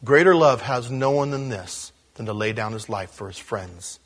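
A man preaching a sermon, shifting between soft hushed moments and loud, animated storytelling. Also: mid-range voice, normal speed, husky. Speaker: pastor.

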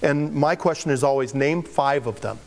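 Male pastor, fairly high voice, casual, joking delivery in a sermon. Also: normal speed, creaky, a little mellow. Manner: conversational, joking preaching.

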